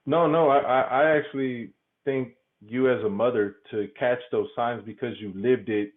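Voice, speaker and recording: A man's voice: mid-range voice, normal speed. A man speaking candidly as a podcast guest, laughing often and stumbling over repeated words. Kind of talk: candid conversational interview. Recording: tinny phone-like remote line.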